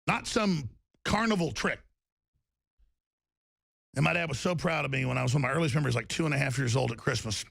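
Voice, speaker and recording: A man's voice: mid-range voice, a little fast, vocal fry, long pauses, a bit bright, no echo. A man hosting a political talk radio show, ranting emphatically and restarting his sentences over and over. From Texas.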